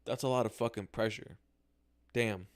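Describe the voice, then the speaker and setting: A man's voice: on the low side, fairly even intonation, normal speed. A young man hosting a casual solo livestream podcast, talking candidly into a camera with slang and swearing, often acting out his own reactions. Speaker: podcast host. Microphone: camera mic, talking to camera.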